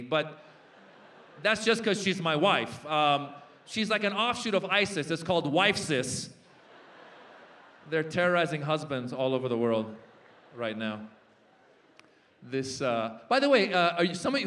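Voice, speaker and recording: A stand-up comedian in his forties works a festival stage, his voice sitting high for a man. He jumps into quick, animated character voices to land each punchline. The delivery is brisk and built for a live crowd. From Iranian-American.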